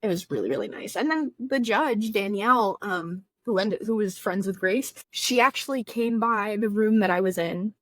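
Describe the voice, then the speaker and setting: A woman's voice: mid-range voice, animated, normal speed, hardly any pauses, a bit bright, no echo. A woman guest in a casual interview, chatty and storytelling, with lots of "like". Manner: chatty storytelling, heavy use of "like". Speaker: baking competition contestant, guest.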